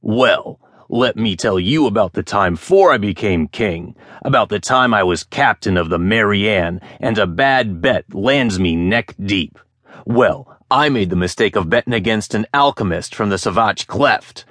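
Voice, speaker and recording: A man voicing a boastful former pirate who tells tall tales in rough dialect. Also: lowish voice, animated, measured pace, a bit bright, dry recording, clean studio sound. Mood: storytelling. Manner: swaggering, dialect speech. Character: boastful old male ex-pirate storyteller.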